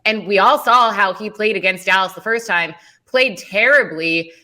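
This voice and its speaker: A woman's voice: mid-range voice, normal speed, pushed and bright. A woman co-hosting a postgame sports talk show, earnest and correcting herself as she goes. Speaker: co-host.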